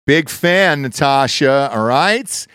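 A male podcast host with a lively voice that swings up and down, loud and foul-mouthed, often bursting into hype shouts. The studio sound is dry and close. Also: mid-range voice, slow pace, smooth, dry recording. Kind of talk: casual banter. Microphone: studio mic.

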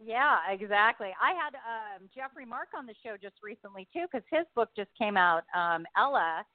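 A woman's voice: a little high, animated, moderate pace, no room sound. A woman hosting an interview, reacting with enthusiasm and asking short questions. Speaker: interview host. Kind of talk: casual interview chat. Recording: tinny phone line, dry.

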